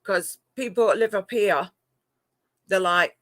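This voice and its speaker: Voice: medium pitch, a little slow, a bit bright, no echo. A middle-aged person from England with a mixed northern and southern English accent, chatting casually to viewers on a live stream and laughing often. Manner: chatty, laughs often, talks to pet cats. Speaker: live-stream host and moderator.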